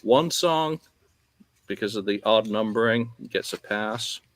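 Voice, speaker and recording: A man hosting a casual podcast, talking in a relaxed way with joking asides and plenty of fillers. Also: on the low side, normal speed. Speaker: podcast host.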